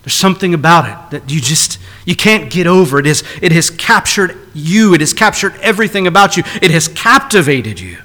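A man's voice: on the high side, expressive, brisk, hardly any pauses, bright, forceful tone. A man preaching a sermon to a congregation, earnest and emphatic, driving his points home with repeated phrases. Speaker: pastor. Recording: long reverb of a large hall.

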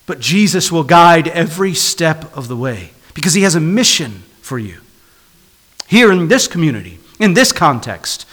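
A man's voice: high voice, a bit bright. A man preaching a sermon, earnest and rhythmic, building emphasis with repeated phrases. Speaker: pastor.

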